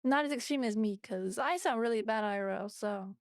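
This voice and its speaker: A woman's voice: fairly quick, no echo, clean studio sound. Woman with a tuned-up voice modifier. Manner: raises her pitch on purpose, chatty. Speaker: VTuber co-host. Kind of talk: casual reaction chat.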